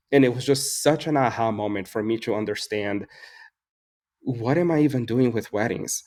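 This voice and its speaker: A man's voice: fairly low pitch, moderate pace, darkish tone. A man in his forties, a flower farmer and floral designer, telling personal stories in a casual interview with an earnest, reflective manner, acting out dialogue and laughing often. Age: 40s.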